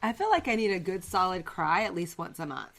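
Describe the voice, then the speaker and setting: A woman's voice: lowish voice, very animated, a little fast, fairly bright tone. A middle-aged woman co-hosting a podcast, chatting casually with a sarcastic, self-mocking humor. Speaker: podcast co-host. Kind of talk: casual chat.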